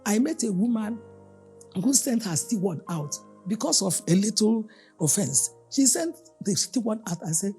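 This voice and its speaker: A woman's voice: medium pitch, moderate pace, soft background music. A woman pastor preaching a sermon, telling everyday stories and acting out the people in them. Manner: animated storyteller, acting out the people in her stories. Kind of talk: storytelling sermon.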